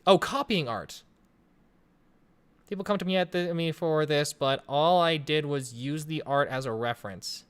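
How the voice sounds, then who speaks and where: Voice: medium pitch, unhurried, clear, resonant tone. A person in their twenties from Colorado, hosting a casual livestream Q&A from home and answering chat in a rambling, joking way. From Colorado, USA. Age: 20s. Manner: rambling, joking, chatty with frequent restarts. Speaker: livestream host. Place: home room, in front of a webcam. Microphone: desk microphone on a stream setup.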